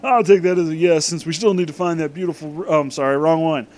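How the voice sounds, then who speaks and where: A man's voice: on the high side, quick pace, darkish tone, slight background noise, lightly acted. A man doing a breezy, cocky hedgehog hero.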